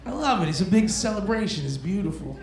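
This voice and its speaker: A man's voice: high voice, sing-song, quick pace. A man doing a stand-up comedy set in a club, talking casually and crudely as he teases the crowd. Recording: echoey club room with crowd noise.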